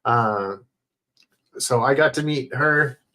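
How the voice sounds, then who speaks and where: Slow-talking casual male streamer. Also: mid-range voice, pushed and bright. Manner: rambling, swears often, many fillers. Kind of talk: casual livestream chat. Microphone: headset.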